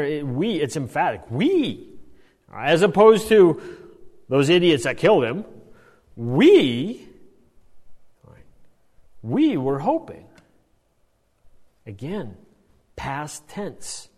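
A man giving a Bible study lecture in an animated way, often checking in with "right?". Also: a little high, long reverb tail. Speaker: Bible teacher.

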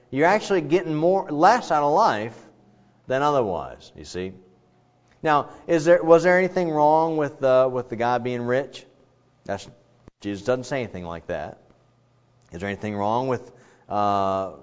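Man preaching, chatty and lively, questions to the congregation, slightly muffled lo-fi sound. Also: mid-range voice. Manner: conversational, animated, asks the congregation questions. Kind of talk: sermon. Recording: slightly dull lo-fi recording.

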